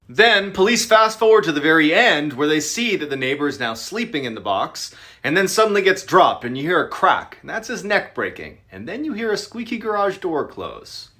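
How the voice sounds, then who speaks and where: A man's voice: on the high side, sharp tone. A man narrating creepy true stories with a dramatic, suspenseful delivery. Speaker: storyteller.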